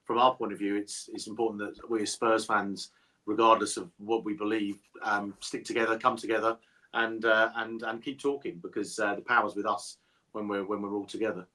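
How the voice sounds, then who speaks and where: A man being interviewed as a supporters trust chairman, measured and repeating words as he thinks. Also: lowish voice, flat delivery, bright, forceful tone. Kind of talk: casual interview answers.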